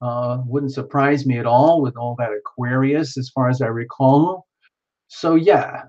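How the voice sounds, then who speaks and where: A man's voice: medium pitch, unhurried, darkish tone. Rambling man on dull lo-fi audio. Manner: rambling, playful and teasing, with many fillers and restarts. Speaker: tarot reader hosting a live stream. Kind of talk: casual live-stream chat answering viewer comments.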